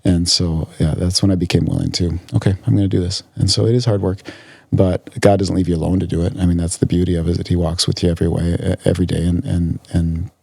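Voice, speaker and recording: Deep-voiced earnest man, dry sound. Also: flat delivery, fast, creaky, a little mellow, husky, no echo. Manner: earnest, repeats words while searching for them. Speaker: podcast guest, physician in recovery. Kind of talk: casual conversation.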